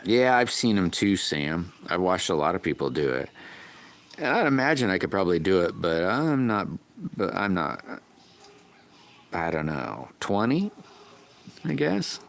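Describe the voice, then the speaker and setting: This livestream host's voice is low and gravelly, very animated, at a normal speed. He chats with viewers in a rambling, folksy manner, calling out people in chat by name, over loud background noise.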